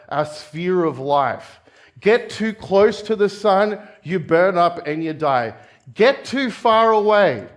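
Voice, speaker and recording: A man from Australia, a pastor preaching a conversational sermon, asking the congregation questions and dropping jokey asides. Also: sits high. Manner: jokey asides with quick laughs.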